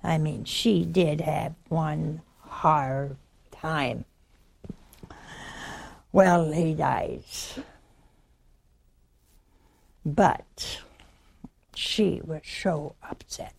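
A woman's voice: deep voice, very slow, creaky, long pauses, breathy edge. A woman preaching a sermon in a teasing, conversational way, acting out the stories she tells.

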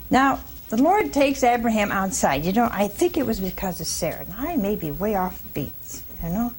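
Husky-voiced woman preaching a folksy sermon. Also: medium pitch, normal speed, few pauses. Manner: folksy, animated storytelling with rhetorical questions to the congregation.

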